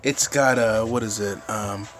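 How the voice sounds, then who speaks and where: A man's voice: fairly low pitch, steady tone, unhurried, a bit bright, faint music behind. A man ranting casually to his phone camera, rambling with frequent restarts and swearing, getting fired up at times. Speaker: vlogger.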